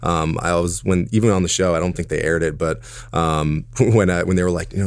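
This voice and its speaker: A young man in his twenties with a very deep voice chats as a podcast guest. He rambles loosely, full of fillers and restarts. The sound is close and dry. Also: steady tone, brisk, vocal fry, no room sound. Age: 20s. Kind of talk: casual podcast chat.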